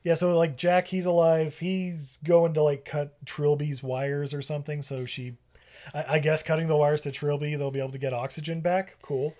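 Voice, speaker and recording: A man's voice: fairly high pitch, little pitch movement, moderate pace, a little mellow. A man co-hosting a podcast, rambling and laughing through a casual, comedic movie recap. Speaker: podcast co-host.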